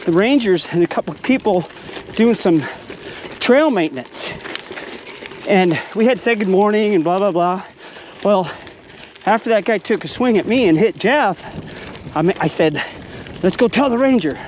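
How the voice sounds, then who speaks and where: A man casually telling a story outdoors on a mountain bike trail, animated and acting out the quotes. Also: high voice, slight background noise. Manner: animated, acts out quotes with rising shouts.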